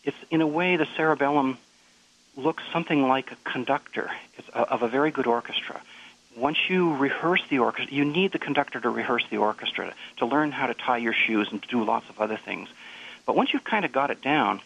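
A man being interviewed as a music researcher, explaining thoughtfully with frequent halting restarts. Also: medium pitch, creaky, fairly bright tone. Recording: dull lo-fi radio sound.

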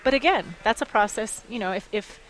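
A woman running an advocacy group, speaking in a radio interview with lively storytelling and frequent laughs. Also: mid-range voice, brisk, low-quality recording. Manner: animated storytelling, quotes others, laughs often. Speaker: executive director of an advocacy group.

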